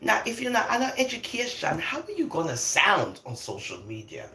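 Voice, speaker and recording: A woman's voice: medium pitch, moderate pace. Emphatic older woman, roomy echo. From London, England. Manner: emphatic, animated, laughs often between points. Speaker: vlogger. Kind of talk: opinionated casual monologue.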